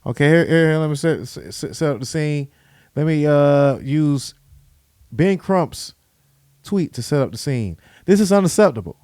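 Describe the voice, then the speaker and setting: A man's voice: a little high, lively intonation, unhurried, darkish tone, clean tone, dry recording, clean studio sound. Slangy podcast host man. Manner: loose, slangy, repetitive. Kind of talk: casual commentary.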